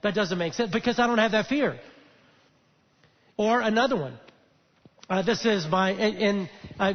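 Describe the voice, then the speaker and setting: A man, the lead pastor, gives a sermon in a relaxed, chatty storytelling manner with frequent fillers and restarts. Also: sits high. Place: church auditorium. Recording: dull echoey church hall.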